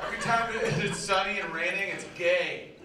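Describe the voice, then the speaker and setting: A man's voice: sits high, normal speed. A man doing a crude, riffing stand-up routine on a comedy club stage. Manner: crude, riffing, bouncy delivery. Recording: very echoey, distant, noisy live recording.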